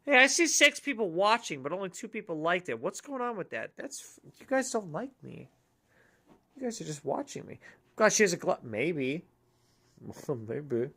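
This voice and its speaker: A woman's voice: lowish voice, big pitch swings, normal speed, fairly bright tone. A woman streamer chatting casually with her viewers while playing, giggly and self-mocking. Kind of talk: live game-stream chat. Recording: game music behind.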